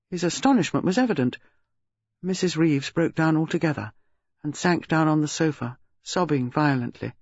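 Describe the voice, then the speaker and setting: A man reads a detective story aloud in a calm, measured way. His voice sits a little high for a man. The recording is dry and slightly dull. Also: husky, no echo. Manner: measured, gives characters distinct voices. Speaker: audiobook narrator. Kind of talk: scripted narration.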